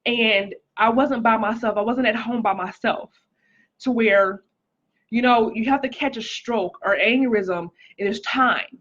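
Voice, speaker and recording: A woman gives a casual livestream testimony in a fairly bright voice on the high side, speaking a little slowly. She greets viewers by name and frequently says "like" and "um," though the recording sounds muffled.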